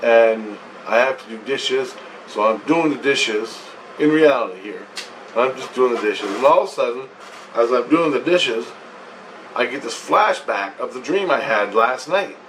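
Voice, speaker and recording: A man telling a rambling personal story at home, profane and excited, acting out what he and others said. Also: mid-range voice, a little slow, distant mic, a little hiss or hum, rough recording. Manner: profane, excited, quotes himself and others animatedly.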